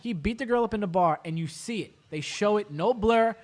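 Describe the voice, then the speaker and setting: A man hosting a podcast, recapping a documentary in rapid, profane, animated casual chat. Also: sits high. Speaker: podcast host.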